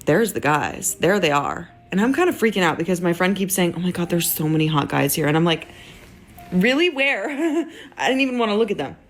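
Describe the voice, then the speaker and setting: A woman's voice: fairly low pitch, sing-song, brisk, faint music behind. A young woman telling a candid, self-mocking story to camera, swearing freely. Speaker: social media poster.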